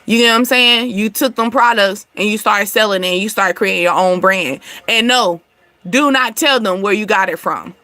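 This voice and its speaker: A woman's voice: mid-range voice, normal speed, bright, forceful tone, dry recording. A woman hosting her channel, giving casual advice to viewers in a chatty, blunt way, laughing often and swearing now and then. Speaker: channel host.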